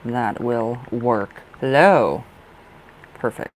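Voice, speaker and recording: A man's voice: medium pitch, very slow, a little hiss or hum, poor audio. Chatty apologetic man live-streaming. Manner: chatty, easily distracted, frequent apologies and laughs. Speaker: livestream tarot reader. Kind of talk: casual live-stream chat. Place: dark room at home.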